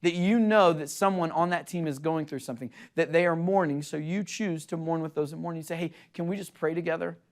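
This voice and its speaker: A young adult man preaching a sermon, earnest and animated, acting out quotes in an excited voice as he tells stories. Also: on the high side, a little fast, hardly any pauses. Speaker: pastor.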